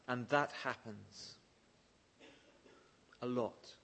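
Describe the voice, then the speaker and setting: A man's voice: a little high, lively intonation, slow, long pauses. A man preaching a sermon, reading scripture verses aloud and pressing his listeners with earnest questions. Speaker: pastor.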